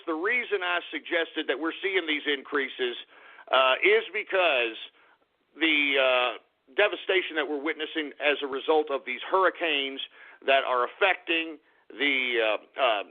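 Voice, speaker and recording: A man hosting a radio show, talking through market prices in an excitable, rambling way with lots of fillers. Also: fairly high pitch. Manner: excitable, whoops and laughs, many fillers and restarts. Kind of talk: casual market commentary. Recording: tinny phone-like radio audio.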